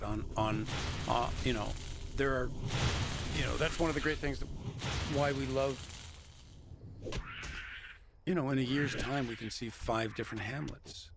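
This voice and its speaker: A man being interviewed as an actor, telling stories in a lively, reflective way. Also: medium pitch, noisy background. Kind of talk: reflective conversational storytelling.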